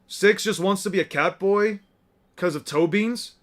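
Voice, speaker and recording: Casual male streamer with a fairly high voice, reading manga aloud and swearing his way through the commentary. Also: measured pace, background noise. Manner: loose, profane, laughs easily. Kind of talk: casual read-along commentary.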